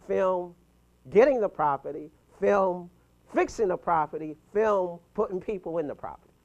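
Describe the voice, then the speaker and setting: A man in his fifties giving an animated, punchy motivational talk to a mastermind group, chuckling between points. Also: high-pitched, normal speed, lo-fi sound. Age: 50s.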